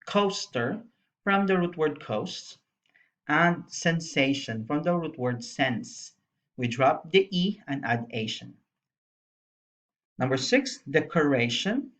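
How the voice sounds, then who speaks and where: A woman's voice: low voice, animated, takes it slowly. A woman teacher narrating a recorded English lesson for young pupils, spelling out letters and explaining patiently. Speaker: primary school English teacher. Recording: dull lo-fi voice-over.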